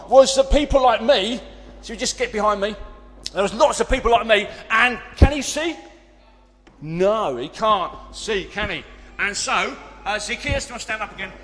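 High-voiced man in an echoey hall. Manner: earnest, with many fillers and restarts, lively when leading the children. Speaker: church children's club leader. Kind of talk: addressing a church congregation and children. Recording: long reverb of a big hall.

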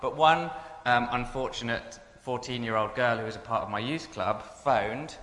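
A man's voice: mid-range voice, normal speed, a bit bright. A man telling humorous personal stories to an audience in a chatty, self-mocking way. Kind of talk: humorous anecdote told to an audience. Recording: echoey hall with long reverb.

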